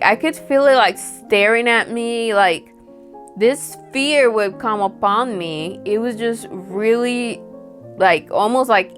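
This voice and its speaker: A woman of ordinary pitch tells a spooky personal story in a loose, chatty way, sprinkling in fillers. Soft music runs quietly behind her. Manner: chatty, peppered with "like" and acted-out quotes. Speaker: storytime vlogger. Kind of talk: casual spoken storytelling.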